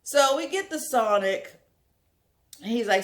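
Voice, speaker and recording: A young woman telling a wild story in a casual storytime vlog, animated and full of filler words. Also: medium pitch, normal speed. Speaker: storyteller, channel host.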